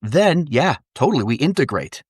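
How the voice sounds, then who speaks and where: A man's voice: mid-range voice, very animated, normal speed, slightly rough, dry recording, studio quality. A man, an actor and dialect coach, chatting as a podcast guest in an upbeat way, laughing often and explaining with examples. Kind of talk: casual interview chat.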